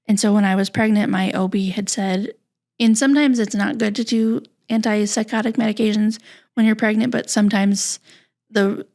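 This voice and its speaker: A woman guest on a podcast, telling a personal story in a halting, candid, soft-spoken way. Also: mid-range voice, steady tone.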